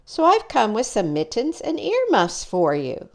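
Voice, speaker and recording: A woman's voice: fairly high pitch, huge pitch swings, a little slow, pitched above the performer's own voice, exaggerated voice. A woman voicing a caring mother moose in a storybook reading, speaking in a soothing, motherly way.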